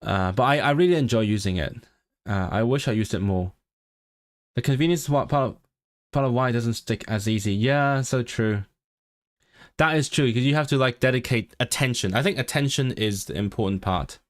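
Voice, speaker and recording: A man's voice: medium pitch, moderate pace. A man chatting casually on a home study livestream, thinking aloud and often restarting his sentences. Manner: chatty and self-interrupting, with frequent restarts. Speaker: language-learning streamer.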